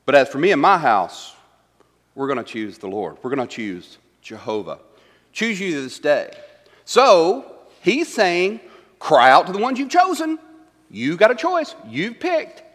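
A man's voice: a little high, big pitch swings, unhurried, a bit bright. A man teaching a Bible study class. He reads verses aloud and puts questions to the group. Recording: long hall reverb.

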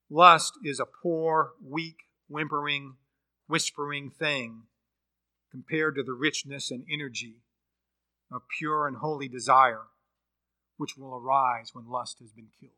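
A man's voice: mid-range voice, fairly even intonation, a little slow, pushed and bright. A man preaching a sermon, telling a story and acting out its dialogue. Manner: storytelling, acts out quoted dialogue.

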